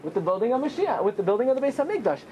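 A man teaching a Torah class as a rabbi, often asking rhetorical questions and answering them himself, with pitch that swings high and low for emphasis. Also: big pitch swings, very fast, mellow, highs cut off, slight background noise. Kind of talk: Torah class with Talmud study.

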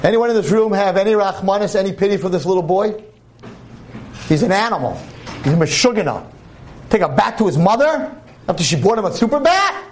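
Animated preacher guy, kinda high voice, swoops around a lot, funny storytelling sermon. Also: a little fast, a little hiss or hum. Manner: animated and humorous, with shifts in volume. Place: room with an audience.

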